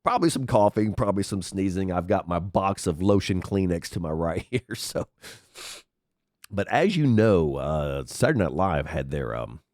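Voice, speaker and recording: Sniffling and congested, the host of his own podcast delivers a chatty, rambling commentary monologue into a headset mic, swearing freely. His cold has made his voice unusually deep and darkish; the intonation is lively, the pace moderate, and the sound dry and clean, studio-like.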